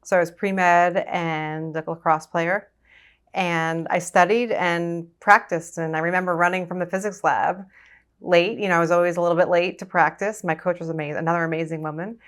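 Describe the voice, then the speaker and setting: A woman from Long Island, a surgeon, telling her story in a casual interview with a brisk, confident manner. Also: fairly low pitch, steady tone, a bit bright. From Long Island, New York. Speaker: guest, surgeon.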